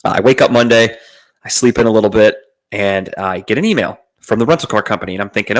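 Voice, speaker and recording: A young man with a somewhat low voice tells a long casual story on a podcast. He swears freely and rambles, trailing off into fillers and starting over as he goes. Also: fairly even intonation, fast talker. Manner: profane, rambling, with frequent fillers and restarts. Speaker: podcast host.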